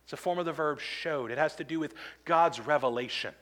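A man's voice: a little high, brisk, a bit bright. A man preaching a sermon as pastor, earnest and emphatic, acting out quoted complaints now and then.

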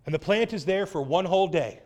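Man, high-pitched, preaching a sermon, animated and wry. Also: a little fast. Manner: animated, wry, acts out quoted voices.

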